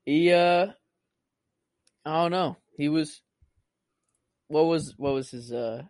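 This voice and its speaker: A man's voice: fairly high pitch, slow, a little mellow, no room sound, studio quality. A young man co-hosting a casual movie-review chat, rambling with constant "like" and "you know". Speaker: podcast co-host.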